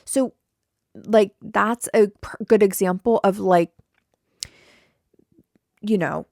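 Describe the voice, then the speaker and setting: A woman's voice: medium pitch, takes it slowly, gravelly, a little mellow, dry recording. A chatty young woman hosting a solo podcast from a small home studio, blunt and fond of repeating herself. Her voice sits mid-range for a woman. The sound is dry and close, with little room sound. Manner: chatty and blunt, with repeated words, swearing, and mock quotes. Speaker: podcast host. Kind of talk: casual solo podcast chat.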